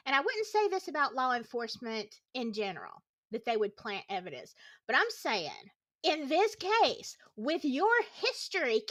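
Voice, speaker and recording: A woman talking casually to her livestream viewers, her high voice swinging widely between notes as she gets heated. She sounds worn out but opinionated, tossing in sarcastic asides. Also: sharp tone. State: tired. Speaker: YouTube true-crime commentator.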